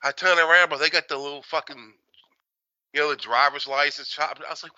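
A man in his forties, a podcast co-host, telling stories in a profane, animated, casual way. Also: a little high, fairly quick, no echo, lo-fi sound. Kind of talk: casual chat.

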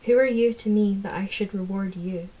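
A woman's voice: medium pitch, normal speed, mellow, lightly acted, rough recording. A woman reading aloud, voicing a proud, cold fairy lord who speaks with hissing contempt. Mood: haughty. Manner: hissing, haughty.

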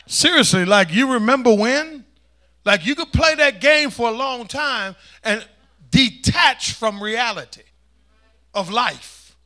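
A man preaching a sermon as pastor, calling for responses from the congregation and swinging between loud emphasis and hushed asides. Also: high voice, animated, moderate pace.

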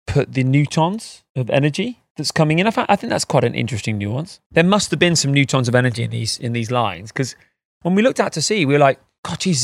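A man hosting a podcast in casual chat, rambling and animated and laughing often, recorded outdoors in a garden. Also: medium pitch, gravelly, dry recording. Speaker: podcast host.

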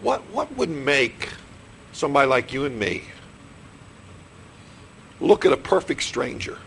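A man's voice: medium pitch, sing-song, measured pace, creaky, a bit bright, a little hiss or hum, low-quality recording. A middle-aged man, a pastor preaching a sermon in a church, who repeats questions to the congregation and restarts his phrases. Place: church sanctuary.

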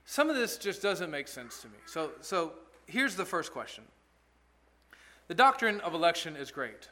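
A man's voice: a little high, very animated, moderate pace, bright, forceful tone. A male pastor giving an expository sermon in an earnest, conversational way, asking rhetorical questions.

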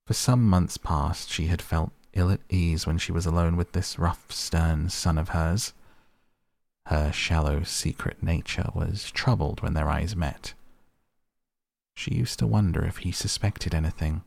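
A man narrating a classic novel as an audiobook reading, measured and even. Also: sits low, gravelly.

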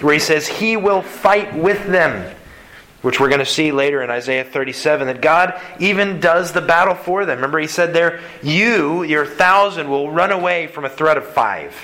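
Bright, earnest preaching man. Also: fairly high pitch, low-quality recording. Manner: earnest, animated preaching with quick asides. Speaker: pastor. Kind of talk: sermon.

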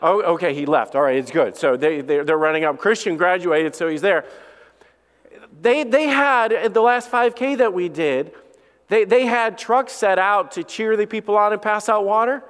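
A high, slightly bright male voice moves at a moderate pace as a middle-aged pastor jokes his way through a sermon, stumbling over repeated starts and fillers. The recording carries the long reverb of a church sanctuary.

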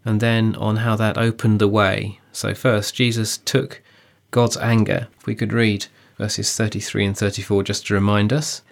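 A man discussing how to preach a passage, speaking in an earnest, measured way with emphasis on key phrases. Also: fairly low pitch, flat delivery, creaky. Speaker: preacher giving a preaching guide. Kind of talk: teaching dialogue on sermon preparation.

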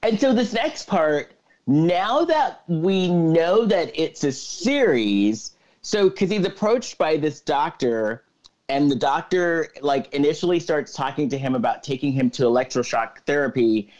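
A man's voice: fairly high pitch, animated, unhurried, a little mellow, dull audio. A man co-hosting a podcast, recapping a movie plot at length in casual chat, stringing scenes together with "so then.". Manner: retells the plot at length with many "so then" fillers. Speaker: podcast co-host.

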